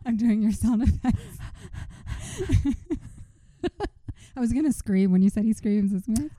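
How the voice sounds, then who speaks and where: Woman co-host cracking wry jokes, dark mellow voice. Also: on the high side, measured pace, no echo. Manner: wry joking reactions. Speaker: podcast co-host. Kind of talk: casual chat.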